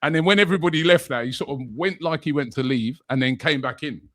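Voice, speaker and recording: A man's voice: on the high side, quick pace. A man, a podcast co-host telling a funny fan story in casual chat, putting on voices for the people he quotes. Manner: animated storyteller, puts on voices for quoted fans.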